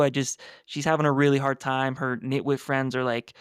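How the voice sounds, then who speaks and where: A man's voice: mid-range voice, fairly quick, hardly any pauses, smooth, no echo, studio quality. A man co-hosting a book podcast, chatting casually and filling in story context. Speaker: podcast co-host.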